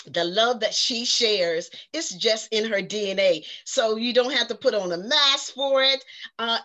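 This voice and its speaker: A woman hosting a show who introduces her guest with a steady stream of praise. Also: medium pitch. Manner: effusive, full of praise. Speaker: host.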